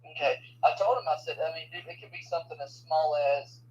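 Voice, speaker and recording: A man's voice: a little high, fast, highs cut off. A man in his twenties chatting casually and easygoing with a friend, often saying dude and man. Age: 20s. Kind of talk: casual chat.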